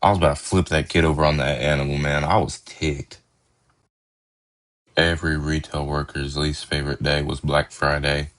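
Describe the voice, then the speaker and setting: Deep-voiced young man telling stories. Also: flat delivery, moderate pace, fairly bright tone. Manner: laid-back, laughs while telling, slangy phrasing. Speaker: podcast host. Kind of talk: casual storytelling.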